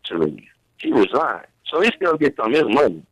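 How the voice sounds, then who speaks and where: A man's voice: medium pitch, sing-song, fairly quick, low-quality recording. A man, a guest on a talk show, arguing local politics earnestly and emphatically in informal speech.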